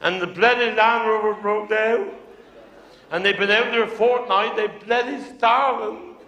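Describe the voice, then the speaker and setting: A man's voice: high-pitched, steady tone, a little slow, sharp tone, dull audio. A Cornish man doing stand-up, telling a crude pub yarn in a broad, earthy way and chuckling along at his own jokes. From Cornwall, England. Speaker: stand-up comedian. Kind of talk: stand-up storytelling on stage. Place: live comedy venue. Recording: echoey hall, 1990s live video.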